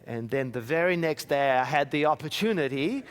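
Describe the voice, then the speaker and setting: A man's voice: a little high, expressive, moderate pace, clean tone. A man giving a sermon as minister, telling personal stories with wry, self-mocking humor. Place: church.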